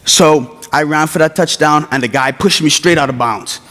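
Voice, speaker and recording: A man's voice: on the high side, moderate pace, a bit bright. A young man from the Bahamas with a Bahamian accent, giving a personal testimony as a chapel speaker and acting out the voices in his story. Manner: storytelling, acts out quoted voices, informal grammar. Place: college chapel. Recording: long hall reverb.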